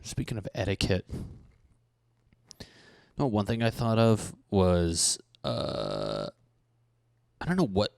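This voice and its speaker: Profane ranting young man, low voice. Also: wildly swooping pitch, takes it slowly, creaky, pauses often, a little mellow, no echo. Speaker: podcast host. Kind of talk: solo comedic rant.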